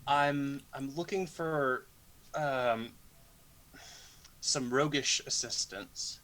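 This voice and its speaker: A man's voice: mid-range voice, drawn-out words, fairly bright tone, voice pushed up, rough recording. A man playing an awkward adult male cleric who hesitates and restarts his sentences. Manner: hesitant, many fillers and restarts.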